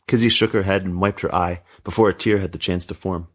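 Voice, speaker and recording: A male storyteller reads a dark family tale aloud with a steady, measured delivery. His voice sits deep and low, with a husky edge to it. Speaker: narrator. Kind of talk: storybook reading.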